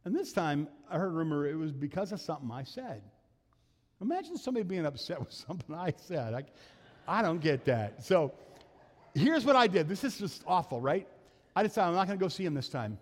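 A man's voice: fairly high pitch, sing-song, a little fast. Male pastor telling stories in a reverberant church. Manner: conversational, self-deprecating, laughs often. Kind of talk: sermon storytelling. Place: church sanctuary.

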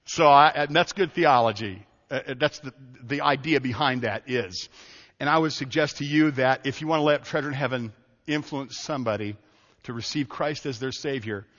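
A man's voice: medium pitch, moderate pace, a bit bright. A middle-aged man preaching a sermon as pastor, telling personal stories in a folksy way and often restarting his sentences. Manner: folksy, storytelling with self-interruptions and laughs. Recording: dull audio with long hall reverb.

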